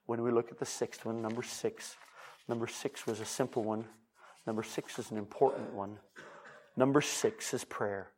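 A man's voice: mid-range voice, steady tone, moderate pace, a little mellow. A man preaching a sermon as pastor, emphatic and repeating his key phrases.

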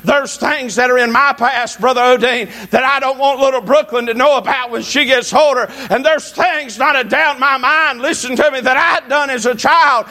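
A man's voice: extremely high pitch, moderate pace, hardly any pauses, sharp tone. A man preaching a sermon to a church congregation, folksy and emphatic, calling out to his listeners again and again. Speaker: pastor. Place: church service.

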